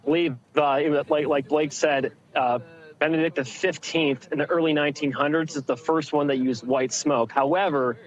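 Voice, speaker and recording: A male field correspondent giving a halting live report from outdoors among a packed crowd. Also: fairly high pitch, steady tone, muffled recording. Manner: halting, many fillers.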